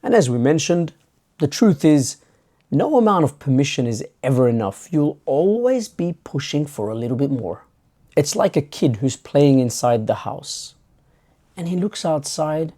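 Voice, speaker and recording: A man's voice: mid-range voice, dark tone. A man hosting his channel, talking through a reflective monologue and acting out imagined exchanges in a conversational way. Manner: acts out imagined dialogue in a conversational way. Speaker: channel host.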